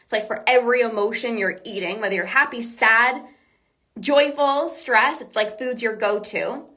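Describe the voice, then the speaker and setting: A woman's voice: fairly high pitch, normal speed, sharp tone. A woman hosting a coaching podcast, talking in an earnest, reassuring way that repeats key points. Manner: acts out quoted self-talk. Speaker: binge eating coach and podcast host. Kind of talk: motivational podcast talk.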